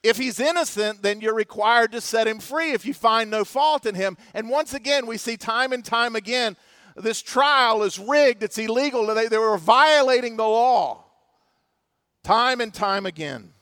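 A male preacher with a very high voice delivers an impassioned sermon, dropping to a hush and then rising to loud emphasis. The sound is dry and close, with no room echo. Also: a little slow. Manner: impassioned preaching with dramatic swings between loud and hushed. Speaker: pastor.

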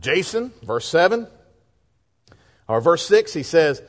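A middle-aged man with a Southern US accent, a pastor preaching a sermon in a folksy, lively way with asides and jokes. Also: fairly high pitch, slow.

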